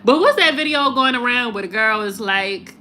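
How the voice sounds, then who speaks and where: A woman tarot reader chatting casually on a live stream, animated and laughing, swearing and mocking, then settling low and slow as she signs off. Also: soft background music.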